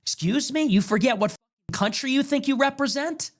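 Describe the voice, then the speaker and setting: A man's voice: extremely high pitch, moderate pace. A man hosting a political commentary show, combative and sarcastic, firing off one rhetorical question after another.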